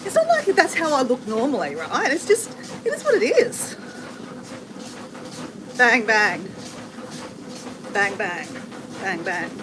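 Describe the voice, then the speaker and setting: A middle-aged Australian woman chats with livestream viewers and answers their comments while walking on a treadmill, a little effortful as she goes. Her highish voice swoops wildly in pitch, she speaks slowly with many pauses, and renovation banging clatters noisily behind her at home.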